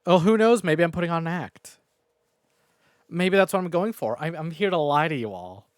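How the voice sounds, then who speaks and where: A man's voice: fairly high pitch, expressive, moderate pace, no echo, studio quality. A man streaming a game from home on a new microphone, rambling, swearing and mocking himself while recapping the story. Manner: profane, rambling and self-mocking. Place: home room. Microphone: new desk microphone.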